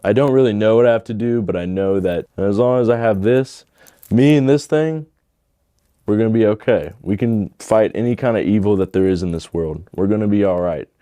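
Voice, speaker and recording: A man's voice: lowish voice, brisk, warm tone, dry recording, clean studio sound. A young man giving a casual personal testimony, telling his story with lots of "like" and big emotional swings. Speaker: testimony speaker.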